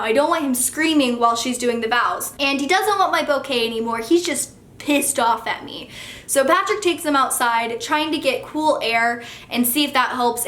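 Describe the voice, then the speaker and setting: A young woman, a mother, telling a casual storytime with an animated, profane, chatty manner. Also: sits high, echoey room. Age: young adult.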